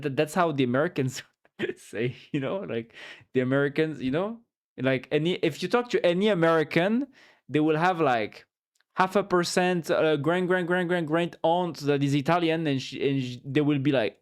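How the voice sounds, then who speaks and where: A man livestreaming, chatting casually with viewers, rambling and repeating words while he searches for them, reading chat aloud and joking along. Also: fairly high pitch. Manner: reads chat aloud and jokes with it.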